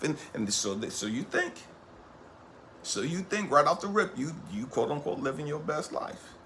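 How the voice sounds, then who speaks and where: A man giving an impassioned motivational monologue as a spiritual coach. He talks in a profane, streetwise preaching cadence, repeats his points, and swings from low murmurs to loud bursts. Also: very animated, normal speed, a little hiss or hum.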